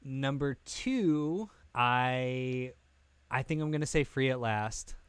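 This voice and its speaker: A man co-hosting a podcast in casual chat, animated, laughing often and talking with lots of filler words into a podcast mic. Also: medium pitch, slow, clean tone, dry recording. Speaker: podcast co-host. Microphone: podcast mic with pop filter.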